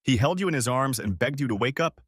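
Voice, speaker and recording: A man voicing a calm male hospital doctor who speaks in a matter-of-fact way. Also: medium pitch, fast, slightly rough, no room sound, studio quality.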